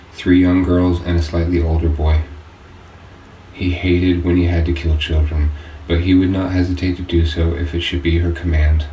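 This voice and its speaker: A man reading his own audiobook in a slow, measured way. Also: low-pitched, dark tone. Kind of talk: audiobook narration. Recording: echoey room, distant mic, faint noise.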